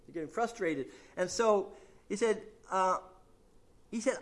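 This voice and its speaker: Lively high-voiced man preaching. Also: measured pace, pauses often. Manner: conversational, many fillers and restarts, quotes scripture with emphasis. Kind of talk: expository Bible teaching.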